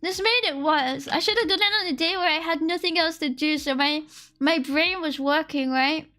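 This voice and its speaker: A woman's voice: sits high, fairly even intonation, normal speed, bright, forceful tone. An Australian woman streaming herself coding, chatting casually in a rambling, self-deprecating way and laughing often. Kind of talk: casual live-stream chat while coding. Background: faint lofi music.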